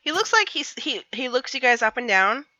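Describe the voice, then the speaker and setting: A woman narrating as game master of a tabletop game, relaxed and hesitant with fillers. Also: a little high, normal speed, no room sound, highs cut off.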